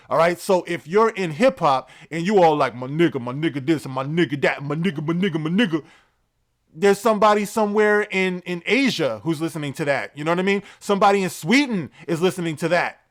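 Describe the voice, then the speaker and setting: A man with a somewhat higher voice delivers casual spoken commentary. He is conversational and animated, and he drifts into fillers and asides as he goes. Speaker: commentary vlogger.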